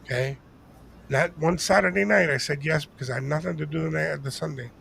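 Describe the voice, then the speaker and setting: A man's voice: fairly high pitch, brisk, creaky, slightly rough. An older man telling a story in casual chat on a podcast, acting out the voices of the people in it. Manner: animated storyteller acting out quotes. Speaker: podcast co-host.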